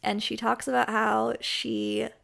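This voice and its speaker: A woman's voice: fairly high pitch, little pitch movement, takes it slowly, creaky, fairly bright tone. A woman co-hosting a podcast, chatting casually about romance books in a chatty, self-deprecating way. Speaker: podcast co-host. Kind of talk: casual book chat.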